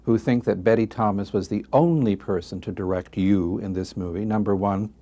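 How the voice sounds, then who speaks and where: A man interviewing a guest, asking long deliberate, pointed questions. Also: lowish voice, dark tone.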